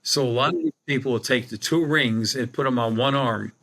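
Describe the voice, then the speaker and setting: A man's voice: medium pitch, brisk, fairly bright tone. An older man, a podcast guest telling a rambling anecdote with many restarts. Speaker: guest, psychic medium. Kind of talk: storytelling in a podcast interview.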